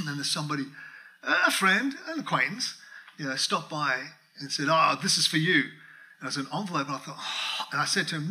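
A middle-aged man preaching a sermon, telling a personal story with animated acted-out dialogue and frequent laughter. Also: fairly high pitch, a little fast, rough recording. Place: church.

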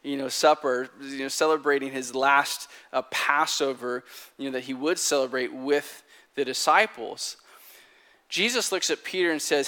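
A man preaching a sermon, retelling a story in an animated, conversational way. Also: medium pitch, moderate pace.

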